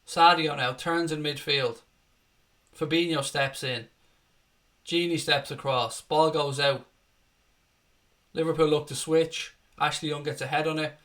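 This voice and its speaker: A man's voice: fairly high pitch, steady tone, a little slow, pauses often, fairly bright tone. A young man giving live fan commentary on a football match, calling the play and breaking into angry, sweary rants. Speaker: fan watchalong host.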